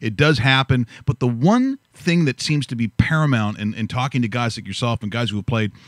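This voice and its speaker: A man's voice: mid-range voice, animated, brisk, no echo. A man co-hosting a studio show, asking rambling, earnest questions in casual talk. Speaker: co-host.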